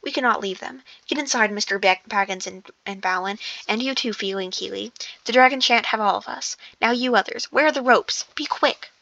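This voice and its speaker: A woman's voice: mid-range voice, a little fast, vocal fry, pushed and bright, dry recording, lo-fi sound. A woman reading the part of a stern, dignified dwarf leader who gives clipped, commanding orders.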